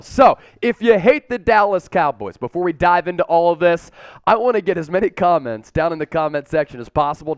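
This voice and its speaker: A man's voice: high-pitched, clear, resonant tone, no echo, studio quality. Emphatic man hosting a sports news show. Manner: emphatic, hyped-up fan delivery. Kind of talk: energetic sports news commentary.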